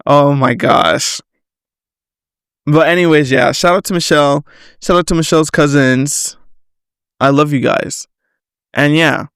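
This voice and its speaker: A man with a slightly high, gravelly voice tells a story in a loose, casual chat. He is animated, swears often and laughs through it. The sound is dry and close. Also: unhurried, long pauses, no room sound. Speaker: podcast host.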